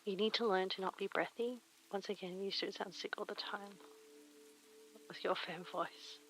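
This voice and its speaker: A young woman streamer chatting softly and reading poems aloud in a breathy, near-whispered voice through a retro telephone-style mic filter. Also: medium pitch, steady tone, normal speed. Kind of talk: casual chat and poetry reading. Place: home streaming room. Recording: filtered lo-fi mic with faint rain.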